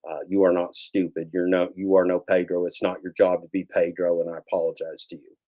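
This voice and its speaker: Male YouTuber, lowish voice, sarcastic, rambling, doubles back on his own lines while sharing his screen. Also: little pitch movement, brisk, dark tone. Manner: sarcastic, repeats phrases, mock-scolding asides. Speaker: YouTube broadcaster. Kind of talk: rambling screen-share commentary.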